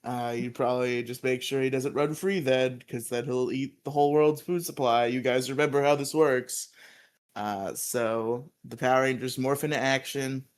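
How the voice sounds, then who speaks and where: A man in a casual podcast recap, his voice sitting in an ordinary middle pitch. He tells the story loosely and chuckles often along the way. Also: steady tone, normal speed, smooth. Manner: laughs often, quotes characters in put-on voices. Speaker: podcast co-host.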